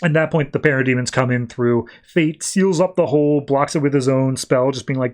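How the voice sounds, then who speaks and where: A man's voice: medium pitch, fairly even intonation, a little fast, few pauses, darkish tone. A man hosting a podcast, casually recapping a comic book issue in a loose, conversational way. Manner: loose conversational retelling, acting out quotes in a raised voice. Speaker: podcast host.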